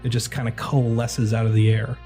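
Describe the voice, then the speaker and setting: A man's voice: mid-range voice, flat delivery, mellow, faint music behind. Man running a casual tabletop game. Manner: casual, halting narration with fillers. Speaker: dungeon master. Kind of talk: narrating a tabletop horror game.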